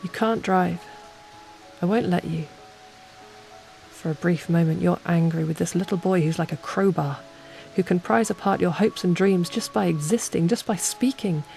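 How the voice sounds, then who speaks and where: Gravelly woman telling a calm bedtime story. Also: lowish voice. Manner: slow, calm, second-person telling. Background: soft ambient music.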